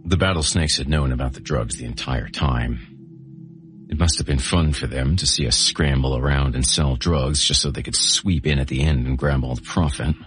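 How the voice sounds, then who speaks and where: Guy w a super deep voice reading horror, gritty and menacing, faint music behind. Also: normal speed, a bit bright. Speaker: host and narrator. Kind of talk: audiobook narration of a horror novel.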